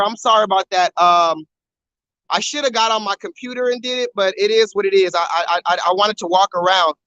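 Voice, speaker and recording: A man livestreams while walking around and talking on a phone, animated and repetitive as he keeps urging viewers to comment in the chat. His voice sits high, and the audio is poor.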